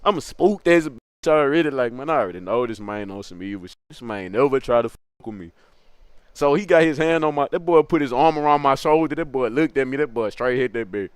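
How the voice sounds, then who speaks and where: A young man telling a comic story from his youth, animated, laughing often, with crude slang. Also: medium pitch, fairly quick, clear, resonant tone, no echo.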